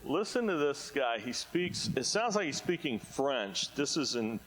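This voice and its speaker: A man's voice: mid-range voice, big pitch swings, unhurried, very noisy. A man presenting at a conference, telling rambling, self-deprecating stories in a casual way. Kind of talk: casual storytelling talk. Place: conference hall.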